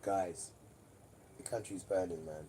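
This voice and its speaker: Male streamer, deep mellow voice, preachy, repetitive rambling monologue. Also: steady tone, unhurried, slight background noise. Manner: preachy, repeats himself, mocking asides. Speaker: livestreamer.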